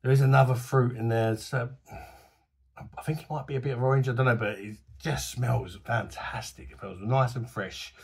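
A man with a husky voice, casually reviewing a beer to camera in a chatty, enthusiastic, slangy way, his voice going a bit hoarse. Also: medium pitch, steady tone, moderate pace. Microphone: phone camera.

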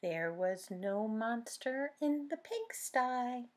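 A woman leading a children's library storytime, reading picture books and singing with the children. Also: a little high. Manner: slow, sing-song and animated.

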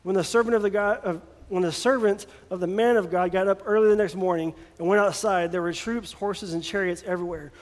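A man's voice: high voice, steady tone, a little fast, hardly any pauses. A man preaching a sermon in a casual, joking way, sometimes acting out voices, recorded in a church. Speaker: pastor. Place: church sanctuary. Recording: long hall reverb.

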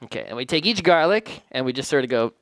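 A man's voice: mid-range voice, expressive, fast, fairly bright tone, no room sound. A man casually narrating his home cooking in a kitchen, rambling and joking at his own expense. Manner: joking, rambling, self-deprecating. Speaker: home cook vlogger.

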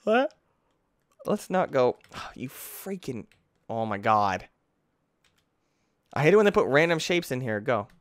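A young man from the United States giving let's play commentary as a gaming YouTuber, easily frustrated, talking to the game and bursting into yells. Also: medium pitch, dry recording, studio quality.

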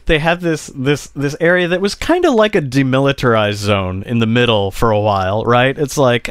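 Guy cracking jokes on a history podcast, clean clear voice, dead dry room. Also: medium pitch, expressive, moderate pace, few pauses, no echo. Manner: jokey, chimes in with quips and voiced asides. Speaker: podcast co-host. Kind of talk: casual history podcast chat.

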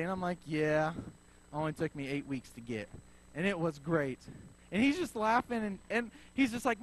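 Animated pastor telling a story. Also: male voice, a little high, a little fast, rough recording. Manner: animated storyteller acting out dialogue. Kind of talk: sermon with storytelling.

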